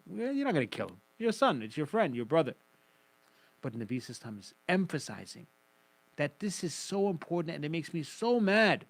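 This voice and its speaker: A man's voice: fairly high pitch, big pitch swings, fast talker, no room sound, rough recording. A man teaching Quran commentary on the radio, explaining emphatically and quoting Arabic recitation. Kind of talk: radio religious lesson.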